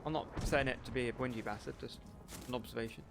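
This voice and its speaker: A man's voice: mid-range voice, fast, creaky, background noise. A young man streaming a shooter game, chatting casually, rambling and swearing with lots of filler words. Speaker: gaming streamer. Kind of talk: casual chat while gaming. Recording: game gunfire loud behind voice. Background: gunfire and game sounds.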